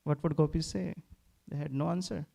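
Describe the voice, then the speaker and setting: Male scripture class speaker, storytelling delivery, gravelly voice with a dark tone. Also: a little high, steady tone, fairly quick, low-quality recording. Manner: storytelling, laughs between lines.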